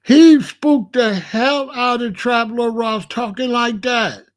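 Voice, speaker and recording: A man with a high voice hosts a live reaction stream. He talks in an unhurried, drawn-out way, loose and casual. He keeps circling back to the same points and keeps asking his viewers questions. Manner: casual, repetitive, asks chat questions. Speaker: commentary channel host.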